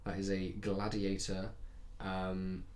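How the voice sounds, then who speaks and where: A man co-hosting a podcast, chatting casually in an excitable, rambling way. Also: deep voice, takes it slowly, a little hiss or hum. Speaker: podcast co-host. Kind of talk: casual chat.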